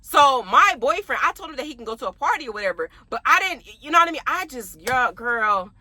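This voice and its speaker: A woman's voice: sits high, big pitch swings, brisk, pushed and bright, no room sound. A young adult woman telling a story to her viewers in casual chat, laughing often and addressing them directly. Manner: chatty, laughs often, talks straight to viewers. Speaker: vlogger.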